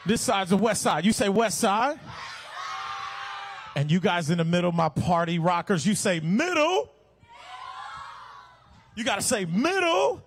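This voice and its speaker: A man working as an event MC, shouting playfully to a crowd of kids and running call-and-response games. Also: high voice, big pitch swings, a little slow, long pauses, slight background noise. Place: outdoor stadium fan event.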